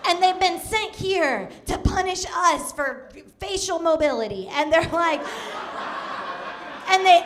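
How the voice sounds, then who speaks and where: A woman's voice: very high voice, fairly bright tone. A woman from New York City doing a stand-up comedy set, laughing often through her lines. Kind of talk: stand-up routine. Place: comedy club stage.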